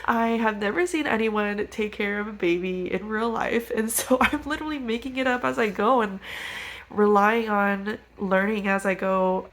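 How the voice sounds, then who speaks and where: A woman's voice: mid-range voice, vocal fry. A young woman, a first-time mom, talking candidly and emotionally in a personal vlog, teary at times, with lots of "like" fillers. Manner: reflective, emotional, frequent "like" fillers.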